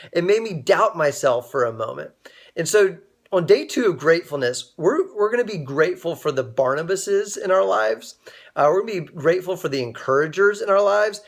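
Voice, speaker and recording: A young man hosting a casual inspirational livestream, telling a personal story and greeting viewers by name as they join. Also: sits high. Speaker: livestream host.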